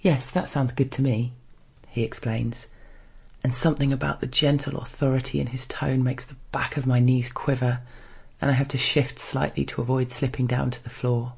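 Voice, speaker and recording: Man narrating an erotic story, hushed restrained reading, husky voice, flat even tone. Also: medium pitch, normal speed. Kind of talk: scripted first-person erotic story reading.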